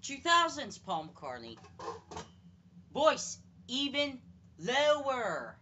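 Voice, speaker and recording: A woman's voice: high voice, wildly swooping pitch, very slow, sharp tone, dull audio, a little hiss or hum. A woman in a blunt, profane vlog rant who keeps repeating her points for emphasis. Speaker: vlogger. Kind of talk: ranting monologue to camera.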